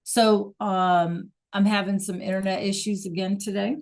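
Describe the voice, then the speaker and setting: A woman's voice: mid-range voice, little pitch movement, moderate pace. A woman teacher talking casually to students in a live online class, chatty, with fillers. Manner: chatty, with fillers and throat-clearing. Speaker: Spanish teacher.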